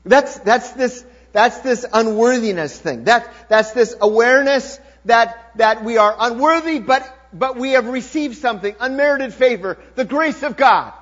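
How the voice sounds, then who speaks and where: A man preaching a sermon, reading scripture quietly and then building to loud, shouted exclamations. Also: very high voice, unhurried, few pauses. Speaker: pastor. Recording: lo-fi recording with mains hum.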